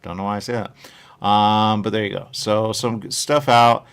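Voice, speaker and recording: A man's voice: fairly low pitch, fairly even intonation, normal speed, creaky, a bit bright, smooth. A man hosting a live radio show, rambling casually, reading viewer comments and repeating himself often. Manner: rambling, repeats "there you go", reads chat comments aloud.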